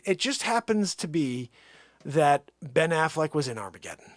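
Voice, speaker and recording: A middle-aged man making a comedic prank phone call, rambling and exasperated, swinging between low mutters and loud outbursts. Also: animated, normal speed, dry recording, studio quality. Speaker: prank caller.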